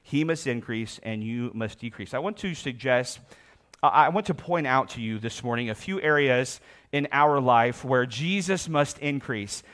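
A man's voice: mid-range voice, normal speed, fairly bright tone. A man preaching a sermon as pastor, reading scripture aloud and explaining it with emphatic repetition.

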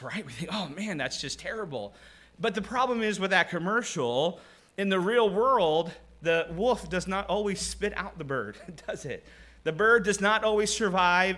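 A man's voice: high voice, sharp tone. A man preaching a conversational sermon, asking rhetorical questions and acting out short quoted voices.

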